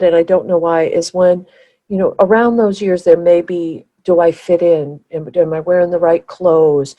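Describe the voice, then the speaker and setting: Mellow, low-pitched woman podcaster. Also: low-quality recording. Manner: earnest, restarts and searches for words. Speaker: podcast co-host. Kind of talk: conversational podcast chat.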